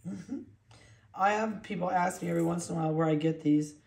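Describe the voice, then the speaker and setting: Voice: medium pitch, a little fast, vocal fry, a little mellow. A dog breeder chatting casually while handling puppies and cooing at them in baby talk. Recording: roomy echo.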